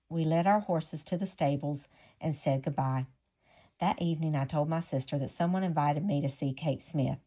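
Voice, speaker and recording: Low, mellow woman reader for a memoir audiobook, measured and unhurried, with casual asides.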